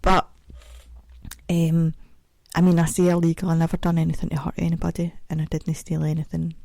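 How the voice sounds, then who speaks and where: A woman's voice: deep voice, monotone, fairly quick, creaky, warm tone, no room sound. A middle-aged Scottish woman hosting a podcast alone, chatting in a rambling, self-mocking way. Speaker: podcast host. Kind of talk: casual solo podcast chat.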